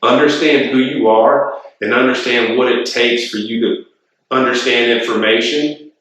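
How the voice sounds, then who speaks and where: A middle-aged man, a retired golf pro, telling animated stories as a podcast guest, swearing freely. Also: mid-range voice, moderate pace. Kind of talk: casual storytelling interview. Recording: echoey room, distant mic.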